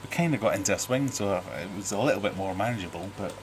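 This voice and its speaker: Speaking quickly and with animation, a middle-aged British man with a voice on the low side hosts a casual stream from his home fish room amid background noise. He rambles, jokes, reads out viewer comments and keeps restarting himself.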